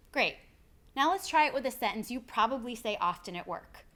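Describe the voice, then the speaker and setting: A woman, an executive speaker coach, giving a clear, deliberate lesson on how to speak with confidence. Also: on the high side, very animated, fairly bright tone. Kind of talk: instructional video presentation.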